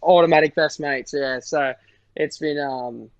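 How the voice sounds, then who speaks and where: A young Australian man, a guest on a podcast, talking in a relaxed, easygoing way. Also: a little high, a little slow, lo-fi sound. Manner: relaxed, easygoing, says "eh" and "sick" a lot. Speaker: guest, motocross racer. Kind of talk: casual chat.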